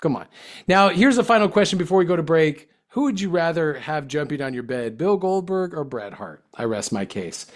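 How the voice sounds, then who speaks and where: A man's voice: fairly high pitch, expressive, a little fast. A man co-hosting a wrestling radio show in casual comedic banter, joking and sarcastic. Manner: joking, sarcastic, mocking voices.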